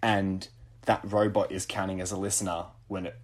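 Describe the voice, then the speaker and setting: A man's voice: low voice, little pitch movement, moderate pace. An Australian man in his late teens, co-hosting a podcast in playful, jokey casual chat. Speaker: podcast co-host.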